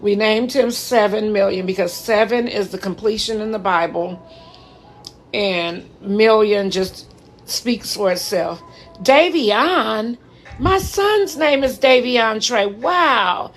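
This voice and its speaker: A woman's voice: mid-range voice, slow, soft background music, low-quality recording. A woman in her thirties, livestreaming from home into her phone in a casual, heartfelt chat, talking straight to her viewers.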